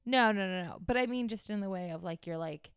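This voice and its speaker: A young woman co-hosting a podcast, chatting casually about a TV show, playful and jokey and quick to laugh. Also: mid-range voice, clean tone, no echo, studio quality. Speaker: podcast co-host. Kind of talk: casual chat reviewing a TV show.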